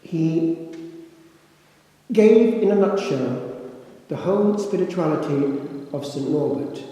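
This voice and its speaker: An older male priest preaches slowly and reflectively, pausing for effect as he tells his story. His voice sits slightly high for a man. It rings out through a church with a long, heavy echo. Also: mellow. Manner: slow, reflective storytelling with dramatic pauses. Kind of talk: sermon. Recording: echoey church with long reverb.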